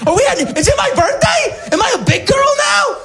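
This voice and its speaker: A man voicing a confused, rambling elderly woman who shouts questions in a flustered, wandering way. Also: extremely high pitch, big pitch swings, moderate pace, vocal fry, pitched above the performer's own voice, full character voice. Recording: live stand-up with crowd laughter.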